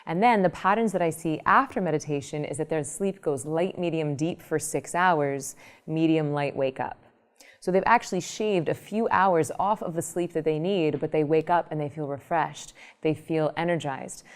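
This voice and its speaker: A woman meditation teacher explaining her ideas in an interview, telling lively everyday examples. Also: low voice, normal speed. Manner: animated storytelling, explanatory. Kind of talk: interview answer with acted examples.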